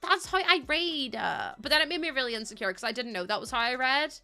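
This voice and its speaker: Young woman streamer, bright, slightly high voice, giggly rambling chat. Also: animated, quick pace, smooth, soft background music. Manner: chatty, giggly, rambling anecdotes. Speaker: live streamer. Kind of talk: casual chat while gaming.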